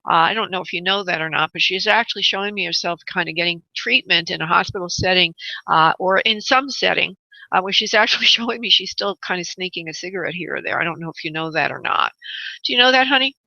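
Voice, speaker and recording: Gentle woman medium on lo-fi radio. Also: fairly low pitch, fast, vocal fry, no room sound. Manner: gentle, calls callers honey and love, many uh fillers. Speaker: psychic medium radio host. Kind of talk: call-in radio reading.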